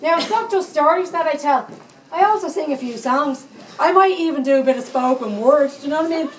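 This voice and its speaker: A woman's voice: high voice, a little fast, a little hiss or hum, close to an everyday voice. A woman performing a foul-mouthed 78-year-old Dublin psychic in a live stage comedy monologue, with a thick Dublin accent and constant swearing asides. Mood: rousing. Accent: Dublin Irish. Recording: echoey room, mic far off.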